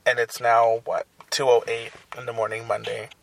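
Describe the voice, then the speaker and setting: A man's voice: mid-range voice, monotone, moderate pace, creaky. A young man hosting a casual solo podcast from his parked car, rambling and swearing as he talks. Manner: crude, rambling, profane storytelling. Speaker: podcast host.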